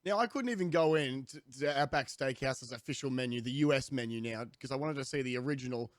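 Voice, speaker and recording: A young Australian man ranting comically to camera as a streamer, rambling with restarts and sudden jumps in pitch. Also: quick pace, no room sound, clean studio sound. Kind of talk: comedic rant to camera.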